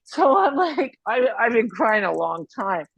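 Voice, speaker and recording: A woman's voice: fairly high pitch, sing-song, unhurried, creaky, breathy edge, dry recording, rough recording. A woman in her fifties, a guest musician in a casual interview, telling candid, profane stories with plenty of feeling. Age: 50s. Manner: profane, candid, emotional storytelling.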